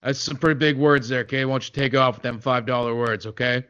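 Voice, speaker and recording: A man putting on a gruff, boastful metal-singer storyteller who brushes off every question with a dismissive "okay?". He stumbles through the tale with constant "uh"s at a middling pitch. The podcast audio is slightly dull. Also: fairly even intonation, fast talker, fairly bright tone, close to an everyday voice. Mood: grumbling. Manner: dismissive, hesitant, full of "uh" and "okay?". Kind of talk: comedy sketch impression.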